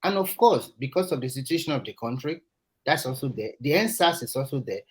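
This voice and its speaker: Halting man arguing on a panel. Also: medium pitch, lively intonation, low-quality recording. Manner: halting, restarts words, argues steadily. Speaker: panel guest. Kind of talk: heated political panel discussion.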